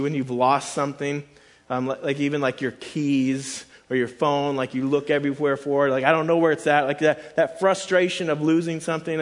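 A middle-aged male pastor preaching a sermon in a casual, conversational way, with quick asides and self-deprecating stories. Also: fairly high pitch, fairly bright tone.

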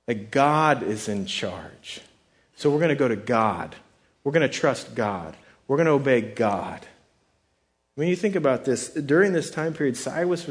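Conversational male preacher. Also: mid-range voice. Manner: conversational preaching with repeated restarts and acted-out quotes. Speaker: pastor. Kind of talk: sermon.

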